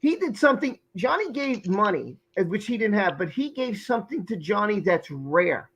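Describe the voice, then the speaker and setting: A man's voice: high-pitched, sing-song, normal speed, a bit bright, husky, poor audio. Emphatic Brooklyn-accented man hosting a live stream. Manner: emphatic, effusive, repeats himself. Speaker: host.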